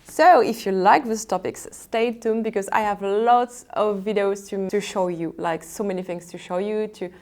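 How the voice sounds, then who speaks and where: A woman's voice: medium pitch, moderate pace, hardly any pauses, a little mellow. French-accented woman in her twenties vlogging. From France. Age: 20s. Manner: chatty, apologetic, laughs often, repeats herself. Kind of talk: casual unboxing vlog talk.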